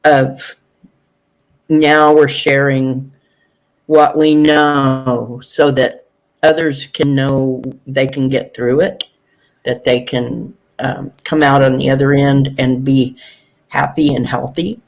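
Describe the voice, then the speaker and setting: A woman's voice: very deep voice, flat delivery, takes it slowly, gravelly, low-quality recording. A woman hosting a chat show who reads viewer comments aloud. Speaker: host. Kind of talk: casual chat, reading out comments.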